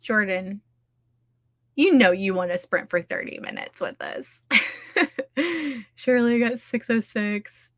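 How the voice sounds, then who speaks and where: A woman's voice: mid-range voice, measured pace, no echo, clean studio sound. A woman hosting a casual livestream, chatty and scattered, laughing often as she talks. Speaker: livestream host running writing sprints. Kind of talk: casual chat to a live audience.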